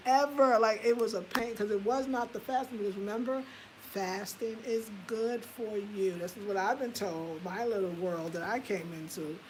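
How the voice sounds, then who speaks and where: A woman in her fifties telling a personal story in a candid, animated way, swearing casually and laughing at herself. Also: medium pitch, a little hiss or hum, low-quality recording. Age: 50s. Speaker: home design vlogger.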